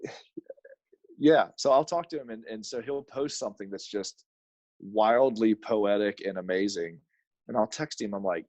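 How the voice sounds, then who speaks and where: A man talking as a podcast guest in casual chat, animated, laughing often and restarting his sentences. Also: on the low side, moderate pace, no echo.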